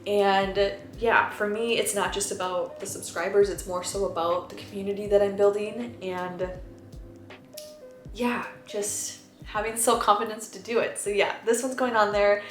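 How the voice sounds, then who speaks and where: A woman's voice: medium pitch, fairly even intonation, normal speed. A young woman vlogger talking to camera in a candid, rambling, confessional way. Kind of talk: casual chat to camera. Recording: roomy echo, faint music behind.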